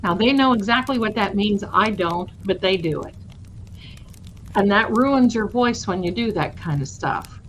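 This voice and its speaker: A woman's voice: medium pitch, lively intonation, moderate pace, a bit bright, a little hiss or hum, poor audio. A woman hosting a casual livestream giveaway, chatty and affectionate with her viewers. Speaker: host of a tarot channel livestream.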